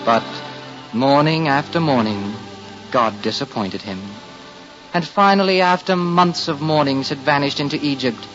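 A man narrating a storybook tale with expressive, swinging delivery. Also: a little high, measured pace, muffled recording, soft background music.

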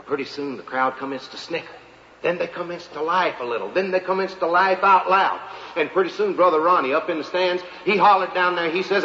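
Country guy spinning a tall tale, bright high voice, big roomy hall, faint crowd. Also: steady tone, brisk, slight background noise. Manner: folksy drawling storyteller, feigned humility. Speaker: comedian. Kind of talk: live comic monologue. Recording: echoey hall, dull live recording, faint crowd.

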